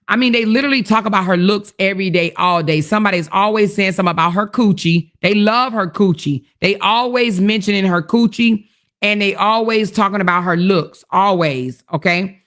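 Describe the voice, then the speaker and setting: A woman's voice: medium pitch, a little fast, fairly bright tone. A woman hosting a casual livestream, speaking directly to her viewers and reading their chat comments aloud. She is indignant and emphatic, and she repeats her points.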